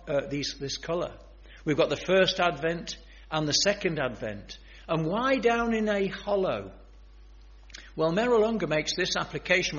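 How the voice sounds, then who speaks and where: A man preaching a sermon, earnest and emphatic, often turning to speak straight to his listeners. His voice sits a little high for a man. The recording is dull and lo-fi. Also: a bit bright. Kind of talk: sermon on biblical prophecy.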